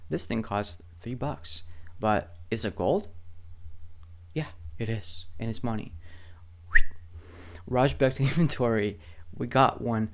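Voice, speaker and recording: A man's voice: mid-range voice, slow pace, long pauses, slight background noise. A young man teaching email marketing in a loose, conversational tutorial, swearing freely and checking in with "right?" all the time. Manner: loose, profane, conversational, keeps asking "right?". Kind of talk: casual screen-share tutorial.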